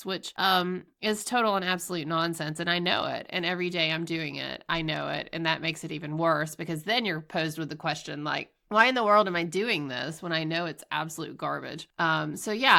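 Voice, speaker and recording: A woman in her forties talks through a casual solo podcast in a low, gravelly voice with a bright, forward edge. She sounds stuffy and nasal, as if her allergies are acting up. She is candid and self-mocking, laughing often and swearing freely. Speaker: podcast host.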